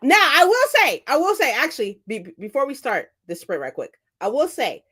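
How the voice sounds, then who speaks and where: A woman, chatting casually on a live stream, rambling excitedly and swearing freely. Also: sits high, a little fast, breathy edge. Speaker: book streamer.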